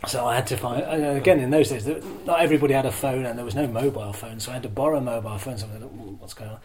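An older man, a former broadcaster being interviewed, telling self-deprecating stories in a chatty, lively way. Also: medium pitch, rapid-fire, poor audio. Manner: lively storyteller who acts out crowd shouts. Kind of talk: anecdotal interview storytelling.

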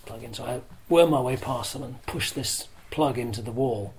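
An older man, a former broadcaster being interviewed, telling self-deprecating stories in a chatty, lively way. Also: mid-range voice, moderate pace, poor audio. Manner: lively storyteller who acts out crowd shouts. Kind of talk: anecdotal interview storytelling.

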